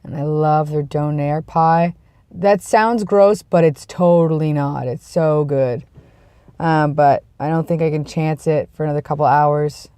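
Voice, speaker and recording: A vlogger with a cold, sniffly and tired, chatting casually to the camera in a rambling, self-deprecating way that trails off into low mumbles. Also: steady tone, a little slow, warm tone, clean tone, dry recording. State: sick with a cold, sniffly and congested; tired and yawning.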